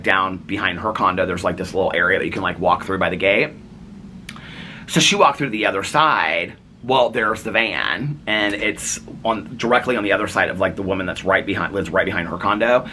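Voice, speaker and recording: A man's voice: fairly low pitch, sharp tone, slight background noise. A man vlogger telling a long casual story, rambling with many fillers and acting out what others said. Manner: rambling, lots of "like", quotes others in raised voice.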